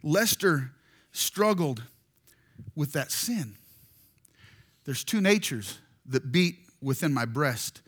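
Preacher guy telling stories, high bright voice, swings up and down a lot. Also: slow pace, pauses often, husky. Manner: animated, jokey storyteller, acts out voices. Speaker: pastor. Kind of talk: storytelling sermon.

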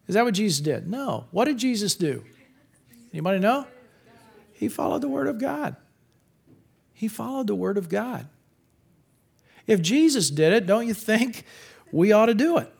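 Middle-aged man, high voice, lively campus sermon, playful voices for whiners. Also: moderate pace, vocal fry, long pauses, breathy edge. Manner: animated, jokey, acts out quoted whiners in funny voices. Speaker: campus pastor. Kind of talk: sermon to college students.

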